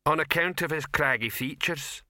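A man voicing a dim, friendly male troll actor in an audiobook, talking in a slow plodding way. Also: a little high, pushed and bright, dry recording, studio quality, pitched above the performer's own voice. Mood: chatty.

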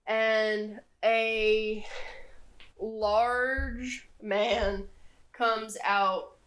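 Casting: young female game master, relaxed, unhurried narration, lots of ums. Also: fairly high pitch. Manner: relaxed, with many fillers.

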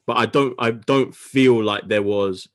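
Guy hosting a sports podcast, chatty, trips over his own words, mid pitch. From United Kingdom. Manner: quick, self-correcting, talks over himself. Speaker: podcast host. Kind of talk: casual sports podcast chat.

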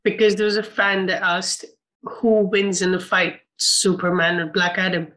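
A man's voice: sits high, little pitch movement, moderate pace, bright, forceful tone, poor audio. A man co-hosting a film podcast, casual and heated, swearing and rambling with many restarts. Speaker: podcast co-host.

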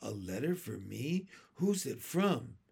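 A man's voice: medium pitch, big pitch swings, takes it slowly, creaky, a little mellow, breathy edge, heavily acted. A man voicing a feisty little kindergarten girl in a storybook reading, indignant and plaintive.

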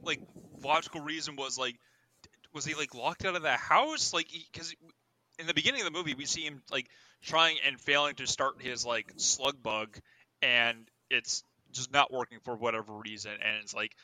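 A man's voice: medium pitch, normal speed, pushed and bright, rough recording. A man casually discussing a movie, full of "like" fillers and sardonic jabs at the plot. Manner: filler-heavy, sardonic, picks apart the plot. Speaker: podcast co-host.

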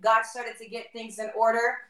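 A middle-aged woman telling her personal testimony as a guest, animated and acting out the dialogue she quotes. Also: fairly high pitch, normal speed. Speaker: guest, former worship leader. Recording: roomy echo, mic far off.

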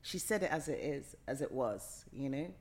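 A woman's voice: extremely low pitch, lively intonation, moderate pace. A middle-aged woman who is a guest in an interview, talking passionately and emphatically and repeating phrases for emphasis. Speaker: actor guest. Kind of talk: casual interview chat.

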